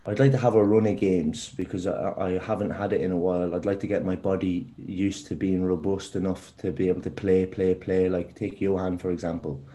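Deep, mellow-voiced young man. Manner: halting, repeats words, relaxed. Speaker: footballer guest. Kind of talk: casual podcast interview.

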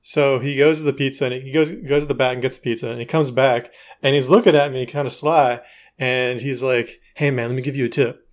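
A married man co-hosting a podcast, telling a story in a dry, low-key way. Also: steady tone, brisk. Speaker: podcast co-host. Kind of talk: casual storytelling chat.

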